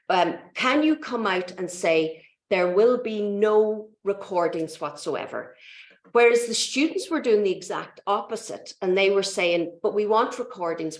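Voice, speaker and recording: Irish woman, 50s, maths lecturer on a video call; chatty, restarts a lot, roomy sound. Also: mid-range voice. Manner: chatty, self-correcting, frequent restarts and ums. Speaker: mathematics lecturer. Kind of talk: online conference talk. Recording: echoey room.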